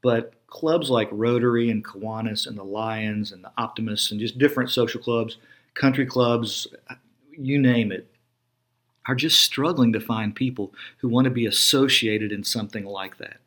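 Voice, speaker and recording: A man's voice: mid-range voice, steady tone, fairly bright tone. Emphatic preaching man, podcast teaching. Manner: emphatic preaching cadence with slowed stressed words. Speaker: pastor hosting a podcast. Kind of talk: sermon-style podcast teaching.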